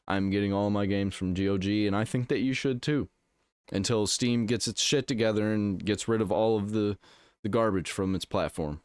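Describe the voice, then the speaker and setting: A man's voice: on the low side, steady tone, normal speed, clean tone, no room sound, clean studio sound. A man giving casual reaction commentary, ranting and sarcastic.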